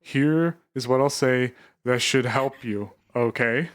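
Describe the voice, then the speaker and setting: Man repeating himself in fast strings. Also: medium pitch. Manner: repeats words in rapid strings. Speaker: roleplay character mentor. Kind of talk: roleplay game character talk.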